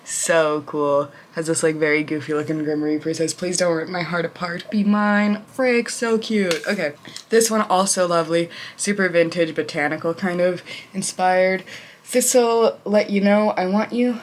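A woman's voice: fairly even intonation, moderate pace, a little hiss or hum. A young woman chatting casually in a vlog at home, gushing over things and using lots of fillers. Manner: gushing, filler-heavy, reads card captions aloud; high baby talk to her pet. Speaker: vlogger.

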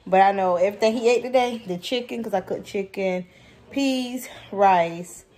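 A woman talks to her viewers at home in a casual vlog. She tells her stories in an animated, expressive way and keeps calling her audience y'all. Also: medium pitch, moderate pace. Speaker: vlogger, mother of two.

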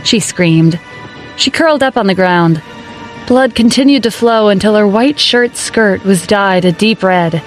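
A woman reading a dramatic story aloud as narrator, in a steady storytelling manner. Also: medium pitch, unhurried, faint music behind. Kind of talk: scripted narration.

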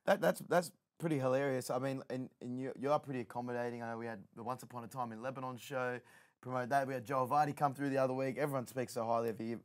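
A man's voice: medium pitch, fairly even intonation, quick pace. A man hosting a casual interview, chiming in with brief, encouraging remarks. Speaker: podcast host.

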